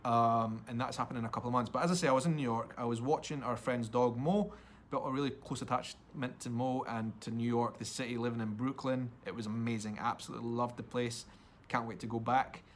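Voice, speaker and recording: Scottish man, podcast host, casual and eager solo chat, mid-pitched, slight background hiss. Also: fairly even intonation, fairly quick. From Scotland. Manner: chatty and enthusiastic, talks straight to listeners.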